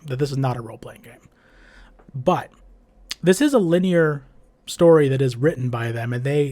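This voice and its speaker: A man's voice: on the high side, a little mellow. A man giving a profane, exasperated casual rant about a video game.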